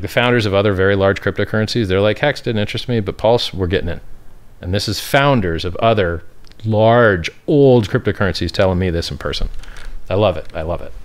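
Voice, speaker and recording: A low-pitched man answers interview questions as a crypto founder. He talks brashly and with scorn for his critics, boasting about his own success.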